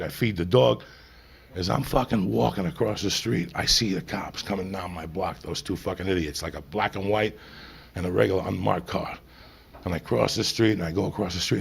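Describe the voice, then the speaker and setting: A man telling a profane stand-up story, animated and loud at times, with a gravelly, husky voice. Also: fairly low pitch. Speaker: stand-up comedian.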